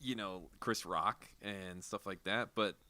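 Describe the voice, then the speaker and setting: A man with a lowish voice that still comes across bright and forceful, teasing his co-hosts dryly on a movie podcast. He is recorded close and dry, with no room sound. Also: measured pace, no echo. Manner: dry teasing, easy laughter. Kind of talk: casual chat.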